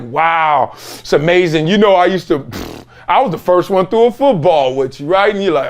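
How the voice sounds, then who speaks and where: A middle-aged man hosts a sports talk show in an animated, emphatic monologue. His voice sits high and swings widely in pitch as he tells stories. He acts out the other people in those stories in quick bits of voice. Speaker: host, former NFL player.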